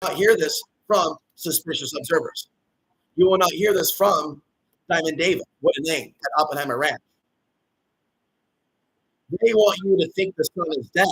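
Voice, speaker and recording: A ranting male vlogger with a slightly high voice. He talks aggressively and profanely, hammers on repeated phrases, and often bursts into shouting. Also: moderate pace. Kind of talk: ranting monologue.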